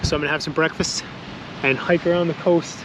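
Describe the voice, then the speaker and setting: An enthusiastic young man chats his way along a windy coastline, his voice sitting a touch high for a man. He rambles in relaxed slang, and loud wind noise batters the mic the whole time. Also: brisk. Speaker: travel vlogger. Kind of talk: casual travel vlog.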